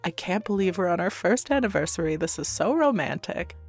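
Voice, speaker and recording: A woman's voice: fairly low pitch, lively intonation, brisk, slightly rough, faint music behind. A young woman hosting a solo podcast, talking earnestly and affectionately to her listeners, with casual swearing. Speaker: podcast host.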